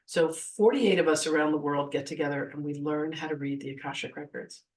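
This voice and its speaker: Woman, 50s, spiritual teacher giving a class, animated storyteller who voices her quotes, recorded from a distance. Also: sits low, a little fast. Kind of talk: live masterclass storytelling.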